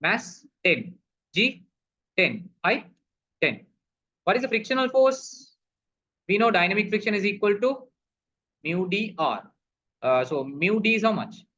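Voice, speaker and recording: A man's voice: high-pitched, very animated, unhurried, pauses often, pushed and bright. A male physics teacher walking through a problem, asking questions and answering them himself, calling the students "people". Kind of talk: recorded physics lesson. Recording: dull lo-fi recording.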